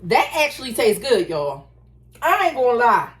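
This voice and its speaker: A woman's voice: a little high, normal speed, rough recording. A middle-aged woman with a Philadelphia accent, chatting to her viewers as she bakes in her home kitchen. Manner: talks to viewers as "y'all", animated and self-deprecating. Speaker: home cook filming herself. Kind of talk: casual chatty baking vlog.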